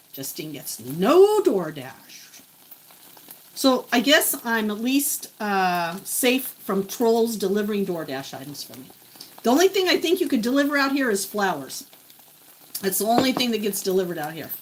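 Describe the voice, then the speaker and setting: A woman's voice: mid-range voice, sing-song, moderate pace, a little hiss or hum, poor audio. A woman in her forties chatting casually with viewers as she cooks breakfast in her home kitchen, often talking to herself. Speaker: vlogger. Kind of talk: casual chat while cooking. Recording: faint kitchen sizzle behind.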